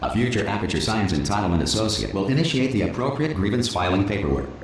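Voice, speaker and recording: A low-voiced male announcer system reads formal notices in a measured, lilting delivery. It sounds echoey and roomy, with noise underneath, as part of a video game. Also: sing-song. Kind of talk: recorded public announcement.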